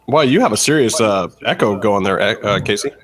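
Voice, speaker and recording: A man's voice: fairly low pitch, animated, fairly quick. A man hosting a casual wrestling podcast, teasing his co-hosts in loose, profane banter over an internet call. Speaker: podcast host. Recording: noisy call with clicks.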